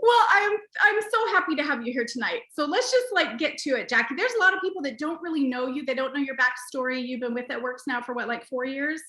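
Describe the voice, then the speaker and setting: A woman's voice: high-pitched, lively intonation, quick pace, few pauses, bright, forceful tone, echoey room. A woman hosting a team video call, gushing and effusive with praise. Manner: gushing, effusive, tearful at times. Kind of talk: emotional team recognition chat.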